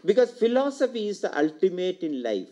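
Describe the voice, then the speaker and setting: A man's voice: sits high, very animated, fairly quick, dark tone. An older man with an Indian English accent giving a public lecture, asking the audience rhetorical questions and repeating his key points. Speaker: university lecturer. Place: lecture hall. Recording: dull lo-fi lecture recording.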